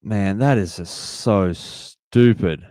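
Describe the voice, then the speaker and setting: A young man streams a sports watch-along, frustrated by the calls as he reacts to plays and reads the chat aloud. His voice is fairly low, slow and warm, in clean studio sound without echo.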